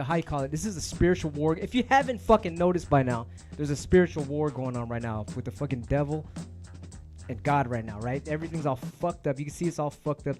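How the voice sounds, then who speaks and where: A man's voice: on the high side, a little mellow. Profane, rambling man ranting at viewers. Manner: profane, rambling, streetwise slang; emphatic, heated. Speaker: DJ and stream host. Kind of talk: casual rant to viewers.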